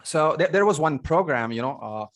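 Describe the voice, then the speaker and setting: A man's voice: a little high, expressive, moderate pace. A man with an Indian accent teaching an online English class, repeating himself and stopping often to quiz his students. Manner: repetitive, stops to ask students questions.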